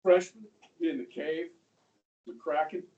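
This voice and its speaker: A middle-aged male high school history teacher telling a story to his class, checking in with "okay?" and acting out the people in it. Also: unhurried, mellow, muffled recording. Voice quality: conversational, acts out quoted voices, asks "okay?" often. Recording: distant mic in a classroom, faint room noise.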